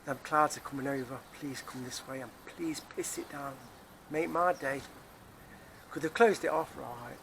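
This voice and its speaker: Speaking at a normal speed, this man has a medium-pitched, gravelly voice. He's an English vlogger with a Nottingham accent, rambling casually to camera near a car park outdoors and repeating himself, with background noise present.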